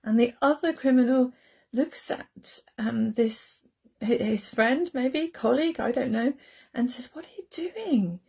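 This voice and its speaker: A woman with an English accent gives a gentle, heartfelt Good Friday reflection. Her voice is husky and gravelly, with a mellow, slightly raised pitch. She speaks conversationally, like a minister talking to her congregation. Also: unhurried. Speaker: church minister.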